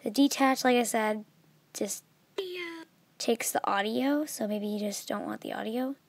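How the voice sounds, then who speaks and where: A young woman talks through an app step by step in a loose, chatty way. Her voice sits a little high and sounds dry and close to the mic. She often drifts into softer, trailing asides. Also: measured pace, dry recording. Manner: chatty, filler-heavy, trails off softly. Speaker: video tutorial maker. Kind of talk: casual screen tutorial.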